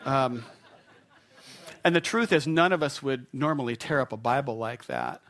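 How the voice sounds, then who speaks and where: A man's voice: mid-range voice, moderate pace, fairly bright tone. A male pastor preaching a sermon in a church, conversational and playful, acting out the voices of doubters. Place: church sanctuary.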